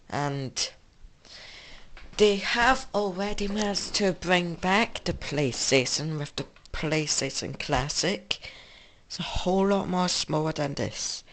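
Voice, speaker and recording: This English-accented man hosts a gaming channel, speaking slowly in a slightly high, somewhat bright voice. His casual commentary on games rambles, with many restarts and fillers.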